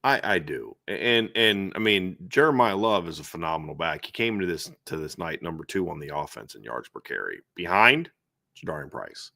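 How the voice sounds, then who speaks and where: Man, sports show host, animated casual talk, stammering restarts, dry close sound. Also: deep voice, normal speed, gravelly, no echo. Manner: animated, repeats words when starting sentences. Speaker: podcast host.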